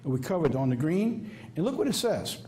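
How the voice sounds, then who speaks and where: A man's voice: fairly high pitch, big pitch swings, fairly quick, mellow, a little hiss or hum. A man with a Southern US accent preaching a sermon, emphatic and folksy, firing off rhetorical questions. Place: church office or studio.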